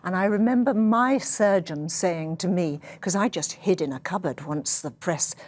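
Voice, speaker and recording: A woman's voice: on the low side, normal speed. A woman in her sixties, an actress speaking as a studio guest, chatty and full of anecdotes. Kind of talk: studio interview. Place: TV news studio.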